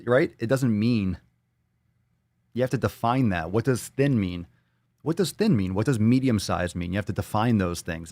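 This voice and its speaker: Guy ranting on a fitness livestream, swears a lot, sarcastic, lowish voice, dry close sound. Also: a little mellow, no echo. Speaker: fitness show host. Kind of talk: live-stream commentary reading viewer comments.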